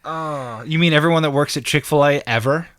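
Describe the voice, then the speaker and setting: A man co-hosting a podcast in casual chat, high-energy and animated, laughing often. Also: a little fast, no room sound, studio quality. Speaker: podcast co-host.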